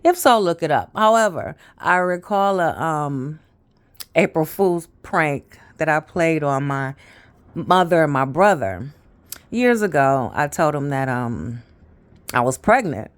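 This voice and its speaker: A woman in her fifties talking straight to her viewers in a loose, chatty storytelling way. Her voice sits low but swings widely in pitch. She wanders off track and lets sentences trail away with casual fillers. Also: lively intonation, unhurried. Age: 50s. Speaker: vlogger.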